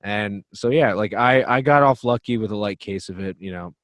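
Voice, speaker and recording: A man's voice: fairly low pitch, normal speed, dry recording. A man appearing as a musician guest on a podcast, talking casually in a blunt, joking, profane way.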